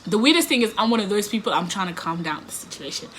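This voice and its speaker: Bright-voiced woman. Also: mid-range voice, fast talker. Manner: animated, laughs often, acts out quotes. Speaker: vlogger. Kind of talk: casual storytime chat to camera.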